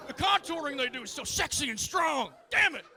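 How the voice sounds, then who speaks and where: A man voicing a flustered male American senator who rants loudly. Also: very high-pitched, lively intonation, a little fast, gravelly, some chatter behind, voice pushed up, full character voice. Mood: worked-up. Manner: loud, worked-up ranting.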